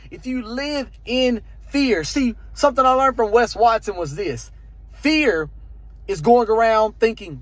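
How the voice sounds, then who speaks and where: A young man with a strong Southern country accent talks fast and emphatically, hammering short repeated phrases like a motivational preacher. His voice sits very high for a man, with a slight lisp. The sound is close and dry, with no room echo. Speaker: vlogger. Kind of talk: motivational monologue to camera.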